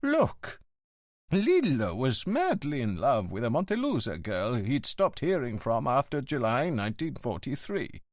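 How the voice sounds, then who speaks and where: Diretor escolar idoso e pomposo, interpretado por um homem, fala lenta e altiva, entonação muito variada. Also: male voice, medium pitch, huge pitch swings, no echo, studio quality. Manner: slow, lofty, disapproving. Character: elderly retired male headmaster, stern and pompous.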